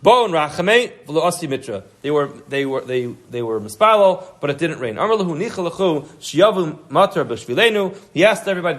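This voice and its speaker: Talmud teacher, man, a bit high-pitched, reads then explains in plain talk. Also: lively intonation, brisk, hardly any pauses, a bit bright. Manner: reads Aramaic phrases then explains in casual English. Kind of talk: Daf Yomi class, reading and translating aloud.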